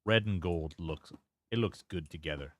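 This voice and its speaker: A man's voice: sits low, moderate pace, a bit bright, no echo. A man streaming a game and chatting casually, rambling and reacting as he plays, swearing freely into a close desk mic. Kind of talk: casual live-stream gameplay commentary.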